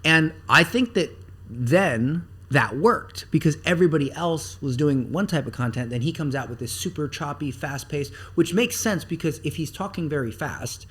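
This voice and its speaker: A man talking as a podcast guest about marketing, animated and blunt, with some swearing, acting out the things people say. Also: a little high, moderate pace, slightly rough. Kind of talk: casual podcast interview.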